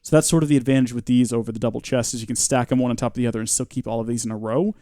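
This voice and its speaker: A man's voice: mid-range voice, steady tone, very fast, warm tone, no echo, clean studio sound. A man giving chatty, joking live gameplay commentary and reading out viewer comments. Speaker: streamer.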